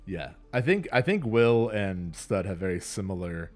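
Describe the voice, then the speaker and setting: A man's voice: low-pitched, sing-song, moderate pace, faint music behind. A man hosting a let's play, chatting casually and laughing often with self-deprecating asides. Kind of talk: casual gameplay commentary.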